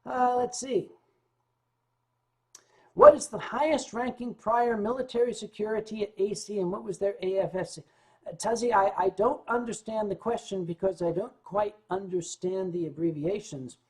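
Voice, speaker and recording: Chatting casually with his audience, a male livestream host tells stories at a moderate pace, swinging broadly in pitch and loudness. He stumbles and restarts when a serious subject comes up.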